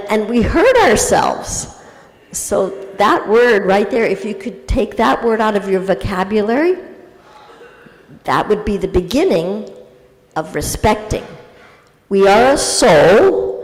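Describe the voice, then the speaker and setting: A woman spiritual teacher answering a question in a gentle, conversational devotional talk, acting out inner voices as she goes. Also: mid-range voice, lively intonation, slow pace. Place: temple hall. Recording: reverberant hall.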